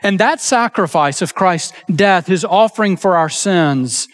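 A pastor preaching a sermon in an earnest, emphatic way, slowing down to stress key phrases and acting out quoted lines. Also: male voice, high voice, lively intonation.

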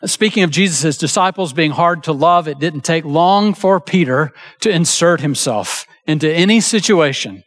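A man preaching with a slightly higher voice than most men. He delivers his sermon earnestly and emphatically, slowing down on key phrases and voicing quoted lines with feeling. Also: a bit bright. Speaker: pastor.

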